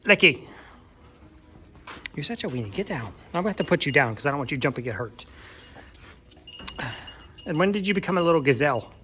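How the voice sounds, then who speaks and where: A man's voice: a little high, big pitch swings, quick pace, long pauses, a bit bright, faint music behind. A farmer vlogging in a goat barn, chatting playfully and cooing baby talk at his goats. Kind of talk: casual vlog chat with farm animals.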